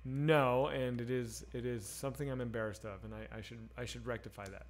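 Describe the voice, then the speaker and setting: This man, streaming a game and reading chat, talks briskly at a medium pitch with fairly even intonation. His casual chatter with viewers is rambling, profane, and candid.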